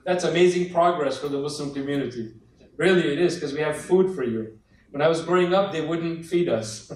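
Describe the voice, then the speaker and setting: A middle-aged man pitches for donations with lively humor, working the crowd. His voice sits high. He sounds distant, bouncing around a big reverberant banquet hall. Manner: animated, joking, rallying the crowd. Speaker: fundraising speaker. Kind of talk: fundraising appeal with humor. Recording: very echoey hall, voice from afar.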